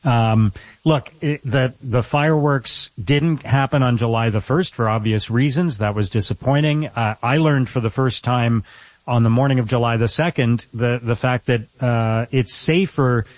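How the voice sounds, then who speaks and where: A middle-aged man, a mayor interviewed on the radio, earnest and measured with frequent restarts. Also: medium pitch, dry recording. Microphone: phone. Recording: dull, dry phone line.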